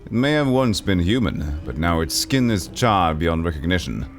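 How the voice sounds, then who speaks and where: A man's voice: sits low, sing-song, normal speed, faint music behind. A man streaming a retro role-playing game, reading its text aloud and chatting casually with viewers.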